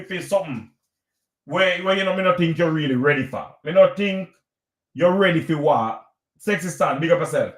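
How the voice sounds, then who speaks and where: A man's voice: on the high side, moderate pace, roomy sound. A man with a Jamaican accent lecturing his live-stream audience in a preachy, repetitive way. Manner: preachy, lecturing, repeats himself. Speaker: vlogger hosting a live stream.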